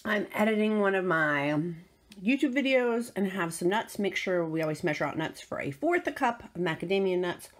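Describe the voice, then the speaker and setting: A woman in her thirties, a mother who vlogs, chats upbeat and casually to the camera, laughing easily. Her voice is on the low side and expressive, at a moderate pace. Cars and outdoor noise can be heard in the background.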